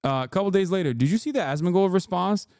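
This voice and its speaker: A man's voice: high-pitched, expressive, fast talker, darkish tone, no echo, clean studio sound. A man in his thirties commenting on videos during a live stream, sarcastic and mocking and often laughing.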